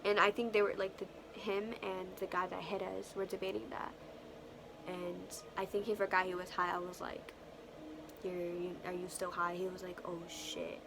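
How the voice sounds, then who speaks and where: A young woman vlogger telling a story casually, animated and profane, full of slang and acted-out quotes. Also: fairly low pitch, normal speed, vocal fry, background noise.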